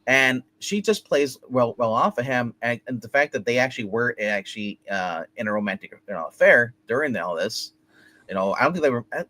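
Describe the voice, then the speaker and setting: Man, mid-pitched voice, casual movie review chat, rambling, halting. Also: lively intonation, pushed and bright. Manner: rambling, halting, many restarts and fillers. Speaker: movie review show co-host.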